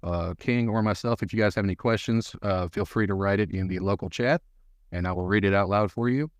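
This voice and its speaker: A man with a fairly low voice hosts a live talk show in a casual, easygoing way, making self-mocking jokes. His voice sounds close and dry. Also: brisk, no echo.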